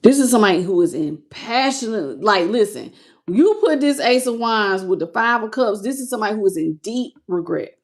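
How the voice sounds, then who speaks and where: A woman's voice: medium pitch, animated, a little fast. A woman giving a casual tarot reading to camera. She talks straight to her viewers in loose slang and sounds moved by what she is reading. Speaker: tarot reader.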